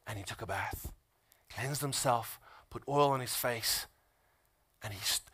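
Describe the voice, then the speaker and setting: A man who is a father, preaching a sermon as pastor of his church, moving between hushed, tender passages and loud, fervent stretches. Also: medium pitch, slow, long pauses, husky.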